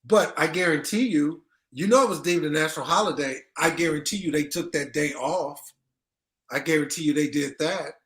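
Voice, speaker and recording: A man's voice: a little high, normal speed, fairly bright tone. A man hosting a casual news commentary show, talking in a conversational, emphatic way and often repeating himself. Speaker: host.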